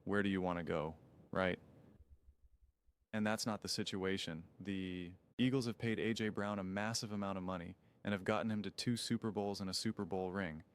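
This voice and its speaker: A man's voice: lowish voice, fairly even intonation, moderate pace, smooth. A man giving an opinionated sports talk rant, incredulous and sarcastic, with emphatic repetition. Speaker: sports commentator.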